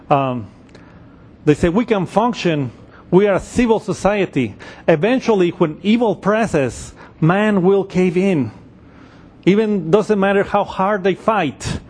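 Man explaining scripture, slightly high voice. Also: takes it slowly, a little mellow, husky. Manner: explanatory, reasons through details step by step. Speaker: Bible teacher. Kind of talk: verse-by-verse Bible teaching.

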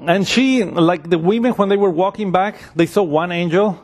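Conversational preacher, man, slightly high voice. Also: moderate pace. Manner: conversational, acts out voices of the people in the story. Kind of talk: sermon.

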